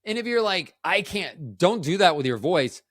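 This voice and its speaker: Male podcast host, lively pitch, jokey and self-mocking, dry close mic. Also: brisk, no room sound. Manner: joking, self-deprecating, trails off and restarts. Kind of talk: rambling solo podcast chat.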